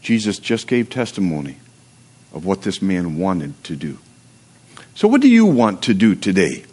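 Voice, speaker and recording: Deep, sing-song, dark-toned, and husky, a male pastor speaks at normal speed. He reads scripture aloud to his livestream congregation and follows with a conversational sermon full of humor and prayer.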